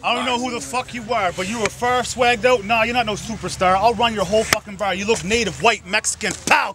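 A man in a freestyle rap battle, rhyming in an aggressive, taunting, profane way at an outdoor park event. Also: high-pitched. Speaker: battle rapper.

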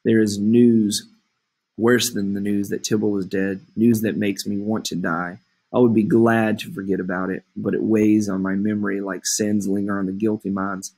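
A man reading a torn young Juliet, low and husky. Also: little pitch movement, moderate pace, warm tone. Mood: anguished. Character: young woman, lovestruck and torn. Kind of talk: reading a play aloud.

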